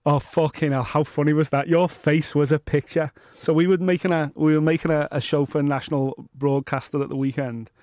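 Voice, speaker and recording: Sweary co-host, slightly higher voice. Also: male voice, fairly even intonation, brisk, hardly any pauses, darkish tone, no echo, clean studio sound. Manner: sweary, matter-of-fact banter. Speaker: podcast co-host. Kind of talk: casual podcast chat.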